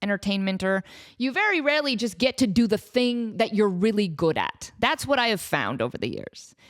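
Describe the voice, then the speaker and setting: A woman's voice: mid-range voice, big pitch swings, normal speed. A woman in her thirties hosting a podcast, telling a story with a self-mocking, laughing delivery. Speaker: podcast host. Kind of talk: casual comedic storytelling.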